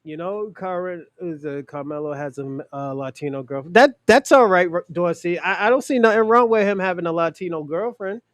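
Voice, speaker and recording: A man's voice: high-pitched, moderate pace, hardly any pauses, no room sound. A man hosting a podcast who gives blunt, profane opinions in casual talk and speaks straight to his co-hosts. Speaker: podcast host.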